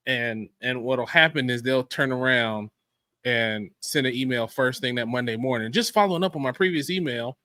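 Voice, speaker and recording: A man co-hosting a casual podcast who tells his stories in an easy, unhurried way. His voice has a bright, tense edge, and it is recorded close and dry. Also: medium pitch, no room sound. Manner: laid-back storytelling, frequent agreeing murmurs. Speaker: podcast co-host. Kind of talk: casual chat.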